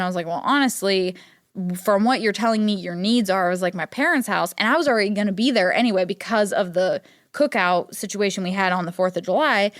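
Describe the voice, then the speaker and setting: A woman's voice: mid-range voice, no echo, studio quality. A young woman from Ohio hosting a podcast, talking casually, chatty and self-deprecating with many fillers. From Ohio, United States. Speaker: podcast host. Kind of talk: casual solo chat.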